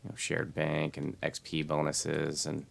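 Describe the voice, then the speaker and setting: Very deep, gravelly man streaming a game. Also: monotone, unhurried. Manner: rambling, chatty. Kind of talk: casual gameplay chat.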